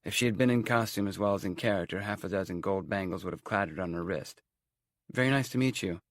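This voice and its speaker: A man's voice: low voice, steady tone, fast talker, no echo, studio quality. A man narrating an audiobook in a wry, conversational storytelling manner.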